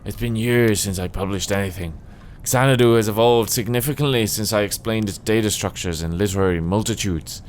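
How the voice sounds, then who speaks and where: A man reading game dialogue as a gloomy, reclusive male software creator, speaking slowly and softly with a mournful tone. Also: on the low side, a little hiss or hum, close to an everyday voice. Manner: slow, soft, mournful delivery. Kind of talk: voice acting a game's dialogue.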